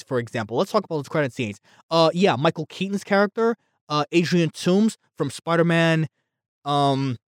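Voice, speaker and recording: Heated rambling man, high voice. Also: no echo, clean studio sound. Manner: heated, rambling, stumbling restarts. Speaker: movie reviewer. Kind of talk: casual movie rant.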